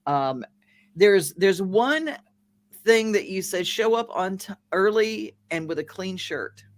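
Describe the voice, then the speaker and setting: A woman's voice: mid-range voice, expressive, takes it slowly. Chatty woman hosting an interview. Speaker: radio show host. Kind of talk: casual interview chat.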